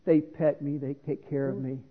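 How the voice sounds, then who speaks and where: A man voicing a simple, adoring pet dog in a low, hushed tone during a sermon joke. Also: level tone, moderate pace, natural voice. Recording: reverberant hall on a phone-like line.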